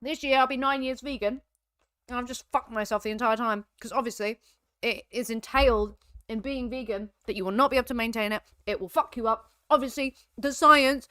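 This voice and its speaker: A woman's voice: on the high side, brisk, bright, forceful tone, no room sound, clean studio sound. A woman co-hosting a livestream, talking casually and sarcastically, laughing often and swearing. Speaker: co-host on a reaction stream.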